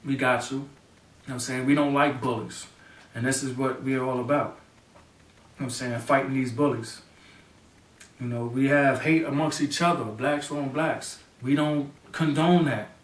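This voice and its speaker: A man's voice: medium pitch, fairly even intonation, normal speed, long pauses, fairly bright tone. Fervent man with echoey distant sound. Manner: fervent, repetitive, with many "you know what I'm saying" asides. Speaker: local party chairman. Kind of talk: impassioned spoken statement. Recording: roomy echo, mic at a distance.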